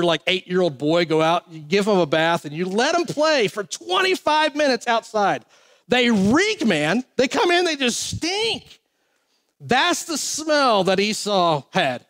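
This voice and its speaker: High-voiced man preaching a casual sermon. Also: a bit bright. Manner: casual, joking asides between King James readings. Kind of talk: sermon with scripture reading.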